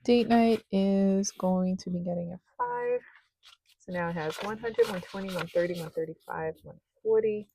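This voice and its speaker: A woman's voice: medium pitch, moderate pace, vocal fry, warm tone, husky, low-quality recording. A young woman chatting casually while she sorts cash into budget envelopes, rambling with lots of fillers. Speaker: budgeting vlogger. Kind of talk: casual cash-stuffing commentary.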